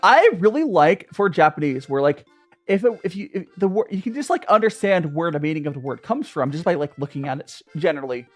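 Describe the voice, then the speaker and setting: Young adult streamer, casual tea chat, chatty and rambling, animated pitch, faint music underneath. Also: quick pace. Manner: rambling, chatty, greets viewers by name.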